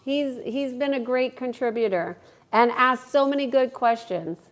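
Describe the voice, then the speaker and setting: A fairly high-voiced woman hosts a live stream from home, talking straight into her computer mic. She chats warmly with her viewers, greets them by name and works through their questions as they come in. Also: a little slow. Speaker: livestream host and coach.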